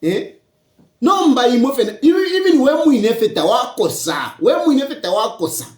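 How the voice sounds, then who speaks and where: A man's voice: extremely high pitch, very animated, brisk, darkish tone, reverberant. A man with a Zambian accent, a politician giving a public address and lecturing his rivals with rhetorical questions.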